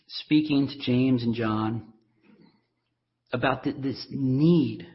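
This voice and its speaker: A man preaching a sermon as pastor, earnest and emphatic, repeating words for stress. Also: mid-range voice. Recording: dull lo-fi recording.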